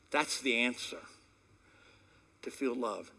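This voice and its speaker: A man preaching a sermon in a conversational storytelling way, swinging between sudden loud peaks and hushed asides. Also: medium pitch, sing-song, unhurried, vocal fry. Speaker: pastor.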